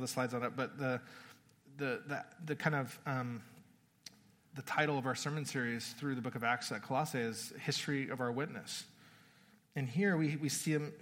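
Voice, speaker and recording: A male pastor preaching a sermon in a relaxed, conversational way, often restarting words and laughing at the story. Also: mid-range voice. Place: church hall. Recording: long reverb of a church hall.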